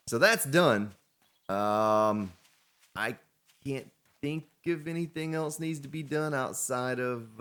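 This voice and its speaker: A man with a very low voice talks through his game in loose, casual commentary. He rambles and often addresses himself as he works. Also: fairly bright tone. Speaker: gaming let's play host.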